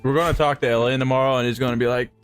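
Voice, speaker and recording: A man bantering playfully on a livestream, teasing and quick to joke. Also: mid-range voice, fairly even intonation, smooth, soft background music.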